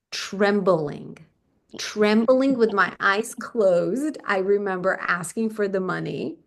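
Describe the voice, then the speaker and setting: A woman's voice: medium pitch, slow pace, gravelly. A middle-aged woman sharing a personal story as an interview guest. She tells it with animation and slips into the voices of the people she describes. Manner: animated, acts out the people in her stories.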